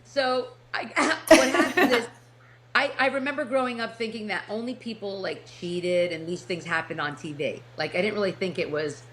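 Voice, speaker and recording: A woman's voice: mid-range voice, moderate pace, fairly bright tone, a little hiss or hum. A middle-aged woman from New Jersey with a New Jersey accent, a podcast guest and author telling her story in casual chat, laughing often and restarting her sentences.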